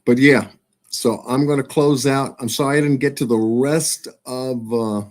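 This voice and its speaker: A man hosting his live stream, signing off in a relaxed, chatty way and laughing often. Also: mid-range voice, a little slow. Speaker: host of a live show. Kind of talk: casual live-stream sign-off.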